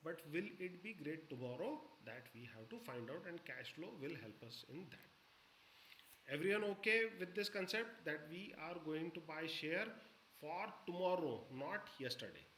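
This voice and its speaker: A man's voice: a little high, expressive, normal speed, a bit bright. Man teaching a stock webinar. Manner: explains step by step, keeps checking the audience follows. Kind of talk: live webinar lesson. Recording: echoey room with faint background noise.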